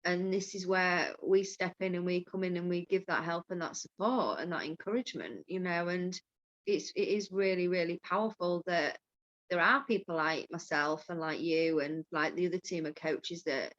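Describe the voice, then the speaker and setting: A woman's voice: on the low side, moderate pace, a bit bright. Frank woman on a muffled line. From Yorkshire, England. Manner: open, frank, swears freely, laughs often. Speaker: mindfulness coach and guest. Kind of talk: candid conversational chat. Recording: dull lo-fi call audio.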